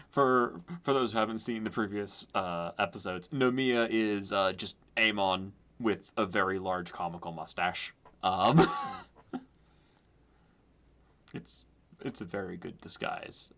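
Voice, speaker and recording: A man's voice: low voice, slow, pauses often, a bit bright. A man streaming a cozy game, reading dialogue aloud playfully and laughing along. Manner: playful, giggly, reads game text in character.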